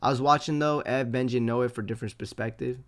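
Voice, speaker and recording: A man live-streaming, reading chat comments aloud and reacting in a loose, animated way with plenty of swearing. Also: medium pitch, fast, a loud crowd.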